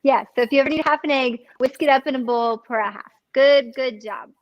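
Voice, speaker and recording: A woman cookbook author talks casually at a launch event. Her voice sits high, and she laughs easily and pokes fun at herself. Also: a little fast, highs cut off. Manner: laughs often, bubbly and self-teasing. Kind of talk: casual chat during a book launch.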